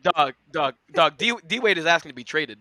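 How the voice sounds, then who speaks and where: A man's voice: on the high side, animated, bright, forceful tone. A man co-hosting a casual sports podcast, teasing the others and laughing often. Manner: joking, teasing, quick to laugh. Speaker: podcast co-host.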